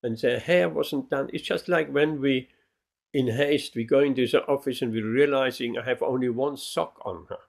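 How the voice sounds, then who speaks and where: A man, a spiritual teacher, telling a devotional story in a lecture, with many pauses and fillers. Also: mid-range voice, creaky.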